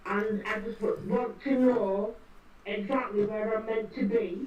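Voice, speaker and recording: Shy slow British woman, distant. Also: on the high side, fairly even intonation, darkish tone, reverberant, slight background noise. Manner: shy, hesitant. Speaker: guest. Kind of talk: casual chat.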